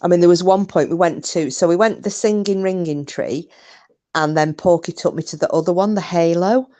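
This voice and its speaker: Woman host, lower voice, chatty, laughing, salty-tongued. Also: normal speed, warm tone. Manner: chatty, laughs often, swears casually. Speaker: live stream host. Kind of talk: casual chat reading viewer comments. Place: home, windy day.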